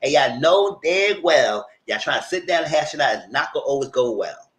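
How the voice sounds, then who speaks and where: His voice is a little high and fairly bright, with lively intonation at a moderate pace. The commentary channel host chats through a livestream recap, blunt in his asides and acting out what he told the cast.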